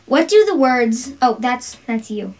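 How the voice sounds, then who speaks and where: A woman's voice: on the high side, big pitch swings, a little slow, darkish tone. A woman answering and reading trivia in casual chat, dry and offhand. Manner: dry, offhand, mildly reluctant. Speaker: trivia quiz partner.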